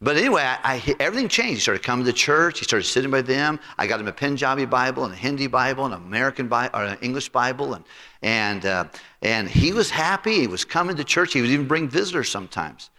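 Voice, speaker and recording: A male pastor telling a personal story in an animated, conversational sermon. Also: mid-range voice, quick pace. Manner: animated, conversational anecdote with repetitions. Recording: reverberant hall.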